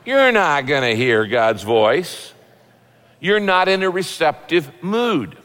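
A pastor preaching a sermon in a relaxed, folksy, conversational way, acting out little quotes as he goes. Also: fairly high pitch, takes it slowly, in a large hall.

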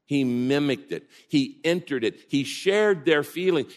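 A man preaching a sermon as pastor, animated and swinging from loud, high emphasis to hushed words. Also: a little slow, few pauses, in a large hall.

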